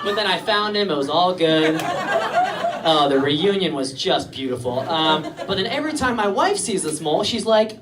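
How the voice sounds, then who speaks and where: A man's voice: high voice, very animated, moderate pace, noisy background. A young man from England doing a rambling, self-deprecating stand-up comedy set on a club stage. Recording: distant live stand-up recording with audience laughter.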